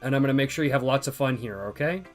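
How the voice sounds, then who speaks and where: A man's voice: medium pitch, fast talker, soft background music, close to an everyday voice. A man reading as a sweet, clingy schoolgirl. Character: cheerful, clingy teenage schoolgirl friend.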